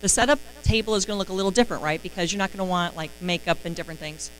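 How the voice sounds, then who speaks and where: A woman giving a casual, chatty sales training talk, excitable and full of fillers. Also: fairly low pitch, very fast, a little hiss or hum, low-quality recording.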